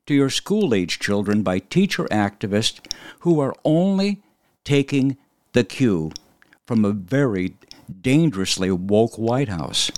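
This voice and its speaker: A man hosting an opinion podcast, delivering an emphatic commentary monologue with sudden jumps in pitch. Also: no room sound, studio quality. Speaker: podcast host.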